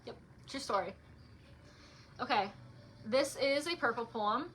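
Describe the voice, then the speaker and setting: A young woman chatting casually and reading her own poems aloud on a livestream, with lots of "like" fillers between softer, quieter poem readings. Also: fairly high pitch, measured pace, long pauses, slight background noise. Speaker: author reading her poetry.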